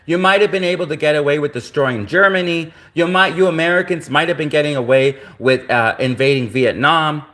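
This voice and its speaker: A man from Canada delivers an indignant livestream rant in a slightly high voice. He circles back to the same phrases again and again, hammering each point home. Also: brisk, hardly any pauses, bright, forceful tone. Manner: repetitive, indignant ranting. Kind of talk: ranting livestream monologue.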